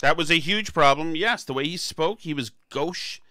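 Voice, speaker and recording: A man's voice: on the high side, normal speed, bright, forceful tone, no echo. A man hosting a political podcast, talking emphatically and sarcastically, often restarting his phrases. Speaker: podcast host. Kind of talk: political commentary chat.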